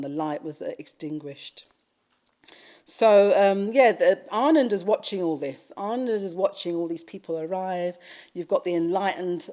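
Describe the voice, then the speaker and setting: Gentle lowish-voiced woman telling a story. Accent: British English. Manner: gentle, reflective storytelling with soft pauses. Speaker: Buddhist teacher. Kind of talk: retreat dharma talk, storytelling. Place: retreat hall.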